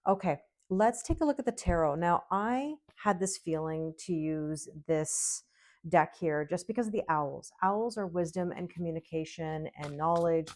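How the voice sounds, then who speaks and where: Chatty, low-pitched woman reading tarot. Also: normal speed, a little mellow. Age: middle-aged. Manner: chatty, reassuring, often asks "okay?" and "right?". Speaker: tarot reader. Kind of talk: casual tarot reading to camera.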